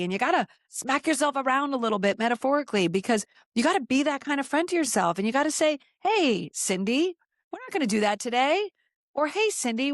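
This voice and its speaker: A woman's voice: medium pitch, dry recording, clean studio sound. A woman hosting a motivational podcast, talking to listeners in an encouraging, conversational way. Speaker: podcast host.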